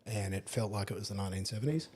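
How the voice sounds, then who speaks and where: A man's voice: on the low side, very fast, a little mellow, slight background noise. An Australian man casually chatting over beers on a podcast, telling travel stories and swearing now and then. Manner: laid-back storyteller, swears casually. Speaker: podcast co-host.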